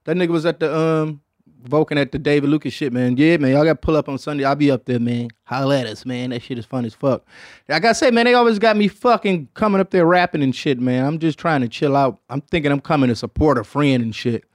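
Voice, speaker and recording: A man from Detroit hosts a podcast in a loose, rambling chat, swearing freely and dropping "man" after nearly every thought. His voice sits fairly high for a man. The recording is close and dry, with no room sound. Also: fast talker, dry recording. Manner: rambling, profane, slangy, fills lines with "man". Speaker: podcast host. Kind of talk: casual chat.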